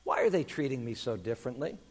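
A man voicing a proud, naive young male donkey in a told story, in a high, excited, pleading voice. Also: quick pace, breathy edge, in a large hall. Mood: tearful.

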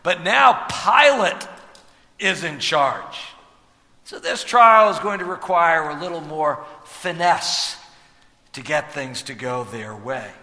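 A man preaching a sermon as pastor, animated, with rhetorical asides and sudden drops to a hush. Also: a little high, slow pace, big-room sound.

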